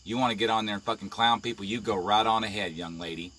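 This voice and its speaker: A man delivers a heated live-video rant, swearing at almost every turn. His voice sits low and pushes forward with a hard, tense edge. He stays confrontational throughout. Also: quick pace, sharp tone. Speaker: live-stream vlogger.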